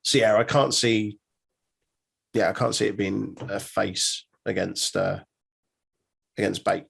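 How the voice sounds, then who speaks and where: A man's voice: fairly low pitch, steady tone, takes it slowly, creaky, fairly bright tone, slightly rough. A man co-hosting a podcast, chatting casually, laughing often and swearing. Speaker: podcast co-host. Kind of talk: casual chat.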